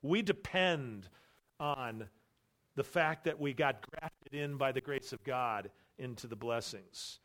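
A man's voice: medium pitch, takes it slowly, fairly bright tone. A male pastor preaching an expository sermon, emphatic and repeating his key phrases. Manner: emphatic, repeats key phrases, voices imagined boastful believers.

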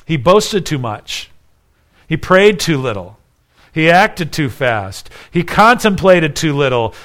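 A male preacher with a fairly high voice delivers an expository sermon. He acts out the quoted lines with raised emphasis and drops into quiet asides. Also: very animated, slow pace. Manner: shifts between soft asides and raised emphasis. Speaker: pastor.

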